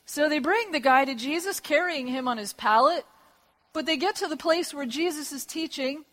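High-voiced woman preaching a lively sermon. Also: moderate pace. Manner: lively storytelling with acted voices and laughs.

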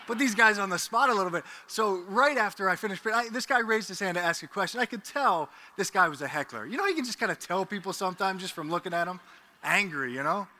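A high, very bright male voice carries this priest's homily as he jokes and tells stories with his congregation. He talks in an animated, playful way, and his voice is picked up by a headset mic in church. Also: fast talker, slight background noise. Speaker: Catholic priest. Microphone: ear-worn headset mic.

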